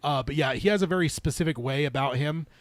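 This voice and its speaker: A man's voice: a little high, quick pace, no room sound. A man hosting a casual book club podcast, reading passages aloud and talking it over with plenty of fillers and restarts. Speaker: podcast host.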